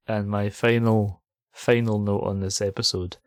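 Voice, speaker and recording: A man's voice: lowish voice, little pitch movement, a little slow, no room sound, clean studio sound. A Scottish man co-hosting a podcast, chatting casually and laughing often. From Scotland. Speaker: podcast co-host. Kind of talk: casual chat.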